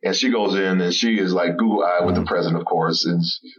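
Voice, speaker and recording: A man guesting on a podcast, telling a story with animated, laughing delivery. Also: sits low, a little fast, far from the mic, dull audio. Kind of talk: storytelling interview chat.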